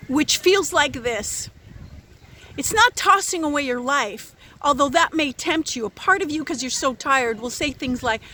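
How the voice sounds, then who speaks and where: A woman's voice: high voice, sharp tone, a little hiss or hum. A woman giving an unscripted spiritual talk to camera, intense and blunt, swearing freely and pressing her points hard. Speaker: spiritual vlogger.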